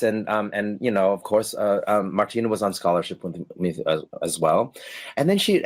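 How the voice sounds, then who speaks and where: A middle-aged man with a stage-performing past shares stories in an informal interview. He's animated and laughing, doing impressions of the people he quotes, all in a mid-range voice.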